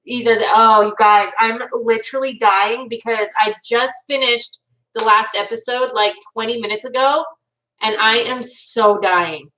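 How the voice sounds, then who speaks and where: A woman's voice: on the high side, fairly even intonation, a little slow, pushed and bright, distant mic, low-quality recording. A young woman hosting a casual live stream from home, chatting with viewers and reading their comments in a bubbly, talkative way. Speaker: livestream host reacting to a show.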